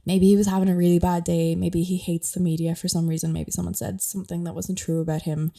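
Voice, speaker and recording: A woman's voice: lowish voice, flat delivery, fast, creaky, mellow. A young Irish woman hosting a podcast, chatting casually and rambling with lots of fillers. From Ireland. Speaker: podcast host. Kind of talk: casual solo podcast chat.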